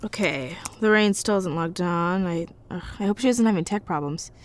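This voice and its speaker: A woman's voice: fairly low pitch, normal speed, slight background noise, natural voice. An actress playing a nervous young woman who rambles self-consciously while interviewing her elders in an audio drama. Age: young adult.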